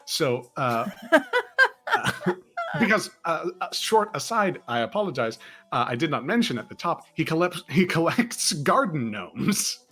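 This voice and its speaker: A man with a slightly high, breathy, sharp voice swings wildly in pitch and talks a little slowly. Co-hosting a casual chat about game-mastering characters, he rambles thoughtfully, with lots of fillers and restarts.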